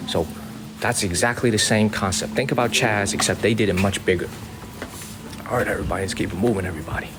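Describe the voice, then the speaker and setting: A man's voice: lowish voice, quick pace. An American man hosting a casual live-stream tour through an outdoor garden. He is chatty, repeats himself, and calls his viewers y'all. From United States. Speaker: livestream host and tour guide. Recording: noisy outdoor ambience.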